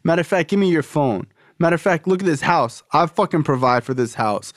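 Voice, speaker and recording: A man's voice: a little high, lively intonation, brisk, no room sound, studio quality, voice pushed up, close to an everyday voice. A man voicing his angry, controlling father, who rants bitterly and swears. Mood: ranting.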